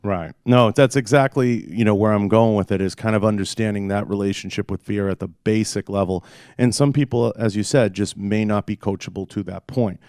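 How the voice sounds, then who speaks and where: A man's voice: lowish voice, steady tone, fairly quick, a little mellow, clean tone, dry recording, studio quality. A man hosting a podcast, asking long, earnest questions in a casual interview. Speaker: podcast host.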